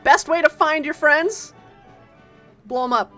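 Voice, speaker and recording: A woman streaming a game, chatting casually and playfully with her viewers, greeting them and teasing them in quick bursts. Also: high-pitched, fairly bright tone, faint music behind.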